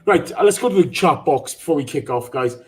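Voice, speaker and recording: A man hosting a casual football podcast in a slightly higher voice. He talks haltingly, with frequent ums and restarts, and sounds emotional. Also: lively intonation, rough recording. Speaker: podcast host.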